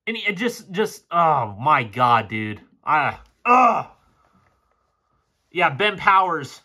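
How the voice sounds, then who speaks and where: A man talks his way through football film, sarcastic and exasperated, with plenty of swearing. His voice sits a little high and swings widely in pitch. The tone is bright and forceful. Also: sing-song, takes it slowly, slightly rough. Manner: frustrated, sarcastic, swears often. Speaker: football film breakdown host. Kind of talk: casual play-by-play film commentary.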